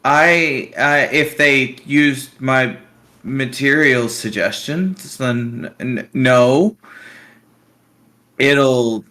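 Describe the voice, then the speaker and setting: A man speaks as a tabletop player at an extremely slow, unhurried pace. His remarks come out dry and a touch sarcastic, at a medium pitch. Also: pushed and bright. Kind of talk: playing a tabletop game.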